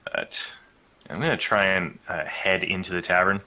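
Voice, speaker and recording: A man plays his character at a tabletop game, hesitant and chatty between polite in-character lines. His voice sits fairly low but sounds bright and forward. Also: steady tone, normal speed. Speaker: player.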